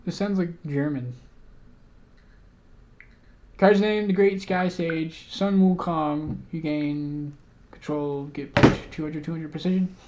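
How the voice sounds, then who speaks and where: A man's voice: fairly high pitch, fairly even intonation, slow pace, pauses often, darkish tone, muffled recording, a little hiss or hum. Casual man reading card text aloud. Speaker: channel host opening trading cards. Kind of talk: casual unboxing chat.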